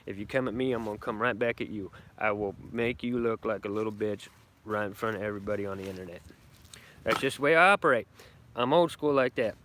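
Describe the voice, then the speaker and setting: His voice is fairly low with a fairly bright tone. He's a middle-aged bushcraft vlogger on a casual live stream from his camp in the woods, rambling brashly, boastfully, and profanely in a country manner.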